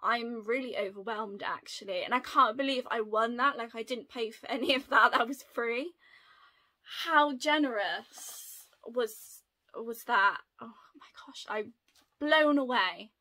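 Young woman, unboxing vlog, bright forceful voice, slightly high, gushing and excitable. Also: measured pace. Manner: gushing, excitable, gasping with delight. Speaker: unboxing vlogger. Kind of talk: casual unboxing chat.

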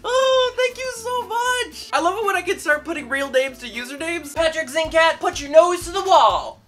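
High, bright, excitable young man. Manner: excitable, gushing, squealing. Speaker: YouTube host. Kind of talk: casual vlog opening fan mail.

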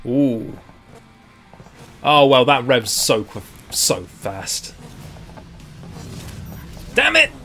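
Excitable young male gameplay commentator. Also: mid-range voice, very slow, gravelly, pauses often, faint music behind. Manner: excitable, swears at the game, laughs it off. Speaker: gaming YouTuber. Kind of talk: let's play commentary.

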